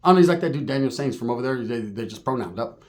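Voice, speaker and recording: A man telling a comic story in a rambling, profane, animated way. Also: medium pitch, racing. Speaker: comedian storyteller.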